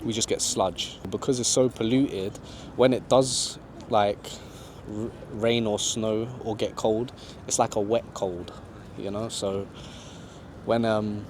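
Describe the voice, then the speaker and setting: A man talks in a low, easygoing voice, sprinkling his answers with casual asides. He is outdoors in a city park, with faint traffic noise behind him. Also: steady tone, slow, darkish tone. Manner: laid-back, conversational, lots of "you know". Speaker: travel vlogger being interviewed.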